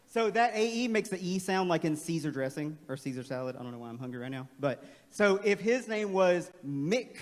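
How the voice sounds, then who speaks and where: A man leading a playful, energetic, interactive staff training workshop in a large auditorium. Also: sits high. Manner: playful, energetic, calls on the crowd. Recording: long hall reverb.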